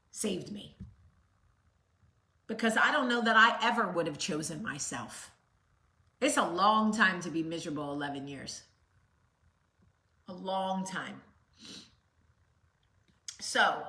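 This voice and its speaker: A woman's voice: medium pitch, pushed and bright. A woman host giving a blunt, sassy motivational talk straight to the camera. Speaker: vlog host. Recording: roomy echo.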